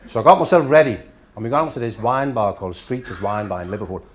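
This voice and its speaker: A man's voice: fairly low pitch, expressive, fast talker, noisy background. A man in his fifties from Denmark, a Danish native speaker, telling after-dinner stories with dry punchlines at a hotel function room dinner.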